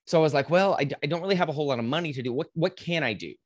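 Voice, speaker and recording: A man telling his own turnaround story as a podcast guest, in a casual, animated, motivational way, sometimes swearing. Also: fairly high pitch, rapid-fire, dull audio. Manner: animated, casual, swears, mimics voices in anecdotes.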